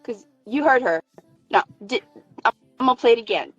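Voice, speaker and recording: A woman's voice: a little high, lively intonation, fairly quick, a bit bright, slightly rough, no room sound, dull audio, faint music behind. A middle-aged woman, a nurse, gives heated commentary in a mocking, indignant tone, switching between languages.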